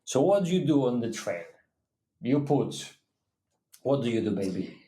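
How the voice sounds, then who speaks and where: Echoey, halting man chatting on a livestream. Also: mid-range voice, big pitch swings, warm tone. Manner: halting, with restarts, non-native phrasing. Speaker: co-host of a livestream. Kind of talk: casual livestream chat. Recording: echoey room.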